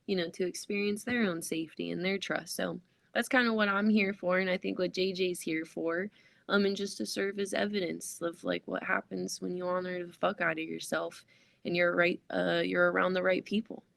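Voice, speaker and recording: A woman's voice: fairly low pitch, creaky, dry recording. A woman co-hosting a podcast, talking earnestly and easygoing, with a lot of "like" and the odd swear. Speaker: podcast co-host. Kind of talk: casual podcast chat.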